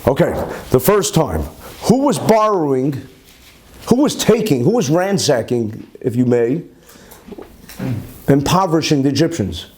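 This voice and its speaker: A man, a rabbi, teaching a lively Torah class to a live audience, firing off rhetorical questions and Hebrew terms. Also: on the high side, measured pace, pauses often, a little hiss or hum.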